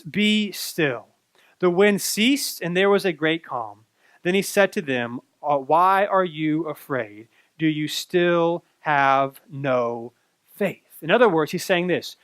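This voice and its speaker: Pastor, man, high-pitched, animated conversational preaching, dry recording. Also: no echo. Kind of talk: sermon.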